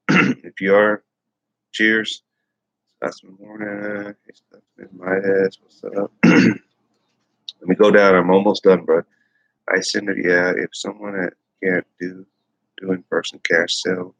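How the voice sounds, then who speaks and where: A man's voice: sits low, level tone, measured pace, pauses often, a bit bright, no room sound, rough recording. A man hosting a casual livestream, rambling and repeating himself as he reads viewer comments aloud. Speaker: livestream host.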